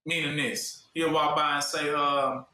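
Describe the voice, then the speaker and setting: A man preaching a sermon, posing questions and pausing for listeners to fill in the answer. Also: on the high side, flat delivery, sharp tone. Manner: call-and-response questions, fill-in-the-blank pauses. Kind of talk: sermon teaching. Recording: echoey room from far off.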